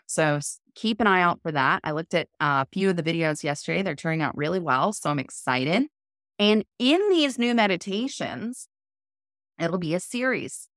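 A woman guest on a podcast interview, explaining a method in a calm, measured, coaching tone. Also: fairly low pitch, dry recording, studio quality. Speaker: guest, cold immersion method founder.

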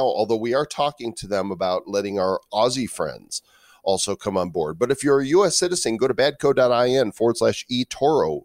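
A man co-hosting a casual crypto podcast, playful and reading out prices in a quick run. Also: fairly low pitch, dry recording, clean studio sound. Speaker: podcast co-host.

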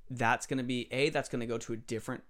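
A young EMS trauma tech, guesting on a podcast, explains hospital routines in a rambling chat where he keeps correcting himself. He talks fast in a mid-range, steady and fairly bright voice.

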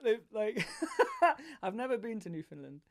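A man's voice: sits high, very animated, moderate pace, creaky. A man from England, a songwriter guest on a podcast, chatting easily and often repeating himself. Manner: easygoing, repeats words, laughs often. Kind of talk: casual chat.

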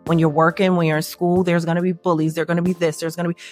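A woman guest on a podcast, telling her story in candid conversation and acting out quoted lines in a higher voice. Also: rapid-fire, soft background music. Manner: animated, acts out quoted dialogue in a higher voice.

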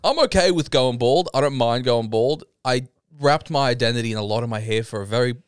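A man's voice: medium pitch, fairly quick, smooth, no echo, clean studio sound. A young Australian man, a guest comedian, chatting casually on a podcast in a laid-back, swearing manner.

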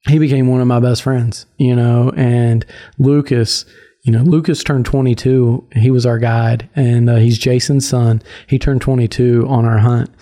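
Mellow-voiced American man telling hunting stories. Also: mid-range voice, steady tone, normal speed. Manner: rambling, laughing, full of "like" and "right?". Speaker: podcast host. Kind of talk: casual storytelling chat.

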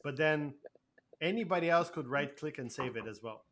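A man's voice: fairly high pitch, lively intonation, normal speed, a bit bright, a little hiss or hum. A man co-hosting a podcast in casual chat, dry and questioning. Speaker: podcast co-host.

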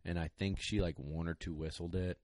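A man's voice: low voice, brisk, no echo. A young man, a dog trainer, casually telling a podcast story in a rambling, emotional way with lots of fillers. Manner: rambling, excited, many fillers.

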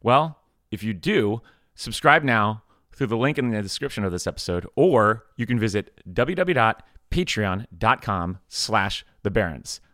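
A man's voice: fairly low pitch, very animated, moderate pace, sharp tone, no echo, studio quality. A man co-hosting a podcast, giving an upbeat promo for its members' club. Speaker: podcast co-host. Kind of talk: casual chat and show promo.

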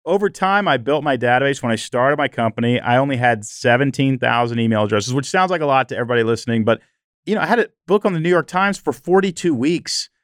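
A male podcast host telling stories in an animated, chatty way, often using "you know". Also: medium pitch, fast, smooth, no room sound, clean studio sound. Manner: animated storytelling, frequent "you know" fillers. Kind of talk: conversational interview.

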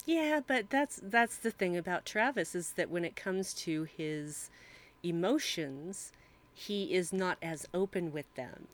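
A woman's voice: lowish voice, expressive, measured pace. A woman co-hosting a podcast, chatting casually, giggly and gushing, laughing often. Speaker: podcast co-host. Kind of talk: casual chat.

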